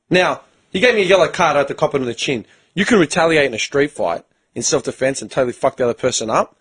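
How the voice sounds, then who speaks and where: Casting: young male podcast host, husky voice, slightly high-pitched, blunt and profane. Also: lively intonation, fast, fairly bright tone. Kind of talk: casual chat.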